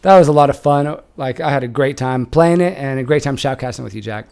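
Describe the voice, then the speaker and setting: A young man shoutcasting a strategy game he played in, casual and animated, swearing and laughing. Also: medium pitch, fast talker, gravelly, clear, resonant tone.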